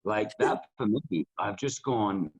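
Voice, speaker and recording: A man's voice: lowish voice, expressive, slow pace, darkish tone, slightly rough, rough recording. A man co-hosting a podcast, talking earnestly in casual conversation and restarting his sentences often. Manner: earnest, rambling with many restarts. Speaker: podcast co-host.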